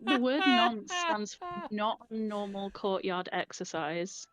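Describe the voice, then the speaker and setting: A woman's voice: mid-range voice, lively intonation, takes it slowly, crowd noise. A woman co-hosting a casual live stream, explaining things plainly and laughing easily. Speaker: streamer co-host.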